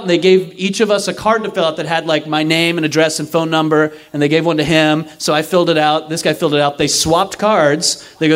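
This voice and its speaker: Animated self-mocking young man telling a story. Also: a little high, a little fast, hardly any pauses. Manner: animated, self-mocking, acts out quoted voices. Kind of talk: live storytelling to an audience.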